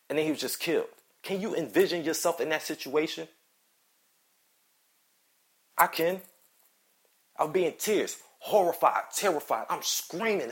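A man's voice: fairly high pitch, animated, a little slow, long pauses. Angry man ranting on his podcast. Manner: heated, profane, repetitive ranting. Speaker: podcast host. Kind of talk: angry solo commentary.

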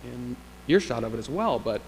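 A man's voice: mid-range voice, lively intonation, moderate pace, a little mellow. A male pastor preaching a sermon in a church sanctuary, in a reflective, conversational way with rhetorical questions. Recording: long church reverb, faint hum.

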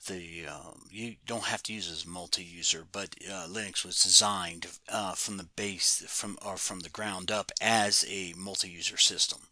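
Bright, low-voiced man on a podcast. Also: fairly even intonation, a little slow, few pauses, dry recording. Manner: rambling, many fillers and restarts. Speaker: podcast co-host. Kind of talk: casual podcast chat.

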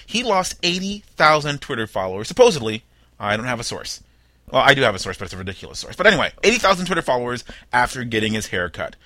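A young man hosts a comedy news show, his bright, forceful voice swooping up and down as he reads each headline. He drops wry asides and slips into mock-dramatic voices for the people in the stories. The recording is dry and close, with almost no room sound. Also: mid-range voice, sing-song, fast, dry recording. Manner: wry, jokey asides while reading headlines. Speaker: podcast host.

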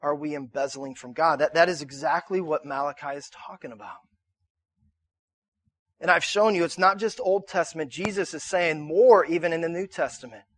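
A male pastor in his thirties preaching a conversational sermon to a room, repeating himself and rising to shouts in his stories. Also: fairly high pitch, normal speed. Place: church auditorium.

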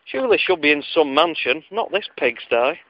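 A man's voice: on the high side, sing-song, moderate pace, no echo. A man telling a comic story from his childhood in a wry, digressive, self-mocking way, on a lo-fi recording.

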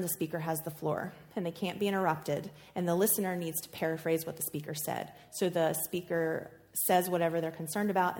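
A woman's voice: on the low side, a little mellow. A woman presenting a marriage class, casual and chatty with frequent fillers. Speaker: workshop presenter.

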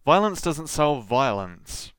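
New male host, smooth clear voice, dry close sound, sardonic commentary. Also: a little high, very animated, slow pace, fairly bright tone, no echo. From Southland, New Zealand. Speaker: podcast host. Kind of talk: scripted commentary.

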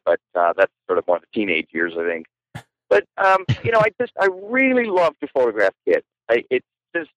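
Guest man from Canada, animated storyteller, dry close mic, lots of pitch movement. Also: dry recording, poor audio. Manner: animated, playful, frequent laughter. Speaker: guest photographer. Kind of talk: storytelling podcast interview.

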